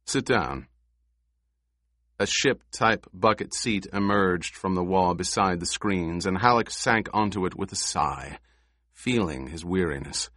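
Male audiobook narrator, slow and even, low voice, dry studio sound. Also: no echo. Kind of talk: scripted narration.

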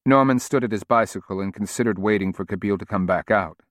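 A man reading a novel aloud in a measured, steady audiobook narration. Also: lowish voice, dry recording, clean studio sound.

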